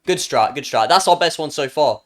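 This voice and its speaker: A young man with a British accent, chatting live on stream with a light, higher-pitched voice. His tone swings widely as he jokes and teases his chat. He often stumbles and restarts mid-sentence. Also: animated, brisk, a bit bright. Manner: joking, playful, trails off and restarts.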